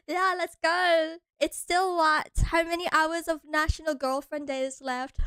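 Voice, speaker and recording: A woman's voice: very high voice, fairly bright tone, no room sound. A young American woman streaming and chatting casually with her viewers, playful and giggly. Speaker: vtuber streamer.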